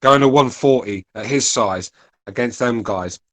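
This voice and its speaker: A man's voice: medium pitch, normal speed. A blunt, opinionated man. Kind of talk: casual chat.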